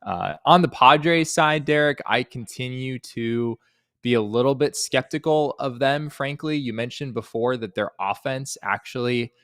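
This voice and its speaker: A man appearing as a guest on a sports podcast, talking through the analysis in a measured way with lots of filler "uh"s. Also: mid-range voice, a bit bright, no room sound, clean studio sound.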